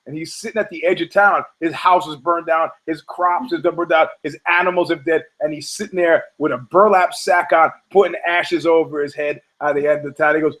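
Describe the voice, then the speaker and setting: A man's voice: a little high, fairly even intonation, normal speed, hardly any pauses, a bit bright, low-quality recording. A man hosting a podcast, delivering a rambling, profane comedic monologue and acting out quoted characters in funny voices. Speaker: podcast host.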